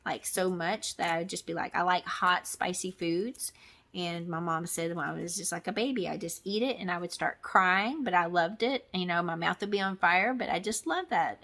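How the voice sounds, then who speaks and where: A woman's voice: on the low side, bright, forceful tone. A middle-aged woman from Texas chatting casually to camera in a crafting vlog, rambling with many ums and restarts. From Texas, USA. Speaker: crafting vlogger.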